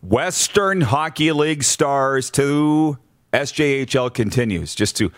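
A man's voice: medium pitch, lively intonation, slow, dry recording, clean studio sound. A man hosting a sports talk show, running through numbered points with blunt opinions and frequent restarts.

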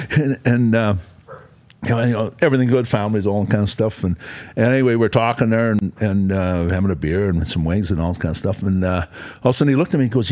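A man, a former pro football player chatting on a talk show and telling stories in a rambling, halting way full of fillers. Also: fairly low pitch, a little mellow. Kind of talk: casual storytelling chat.

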